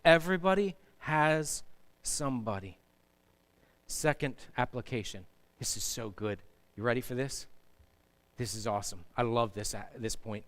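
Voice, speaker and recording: A man's voice: mid-range voice, a little slow, fairly bright tone. A man preaching a sermon as pastor in a church, emphatic and asking the congregation to answer back. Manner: emphatic, asks the congregation to respond. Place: church sanctuary.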